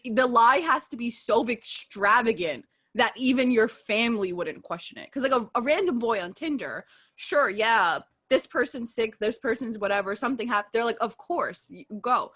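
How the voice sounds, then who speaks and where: A woman in her twenties co-hosting a podcast, chatting casually, laughing a lot and swearing loudly. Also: a little high, lively intonation, normal speed. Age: 20s. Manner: laughing, loud, rowdy swearing. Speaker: podcast co-host. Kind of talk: casual chat.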